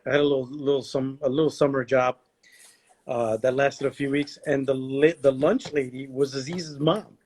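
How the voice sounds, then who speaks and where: A man's voice: medium pitch, steady tone, normal speed, a little mellow. A man who is a guest on a livestream chat, easygoing, adding his own short memories to the story. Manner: laid-back, chimes in with short memories. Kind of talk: casual reminiscing chat. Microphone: livestream call audio.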